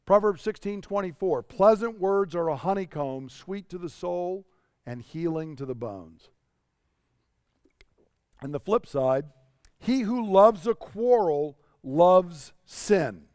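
High, smooth-voiced male preacher. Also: no room sound, clean studio sound. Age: middle-aged. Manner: earnest, personal, asks the audience questions. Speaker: pastor. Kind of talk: sermon.

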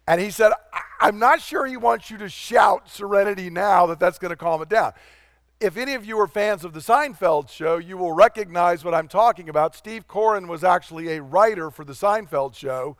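Male pastor, high voice, dry sound, conversational sermon, slows for emphasis. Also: fairly bright tone, dry recording. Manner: conversational preaching with fillers, slowing for emphasis.

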